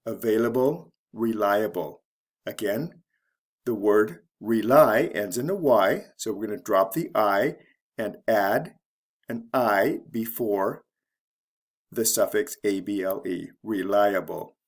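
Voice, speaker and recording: A man teaching English word endings, spelling out letters one by one in a deliberate way. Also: fairly low pitch. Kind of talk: explaining spelling rules.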